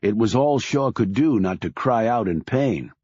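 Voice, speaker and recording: A man narrating a thriller audiobook in a measured storytelling way. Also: lowish voice, lively intonation, a little mellow, husky, no echo, highs cut off.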